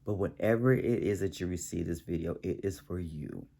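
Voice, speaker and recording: A man giving a spiritual healing talk to the camera, halting and repeating himself, often pausing to excuse himself and yawn. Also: low-pitched, vocal fry, dark tone, breathy edge. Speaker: self-help channel host.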